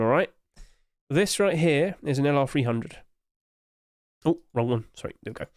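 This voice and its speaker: A man's voice: on the high side, no echo, studio quality. A man hosting casual commentary, chatty and hedging, with apologetic asides, recorded at home on a desk mic. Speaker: host.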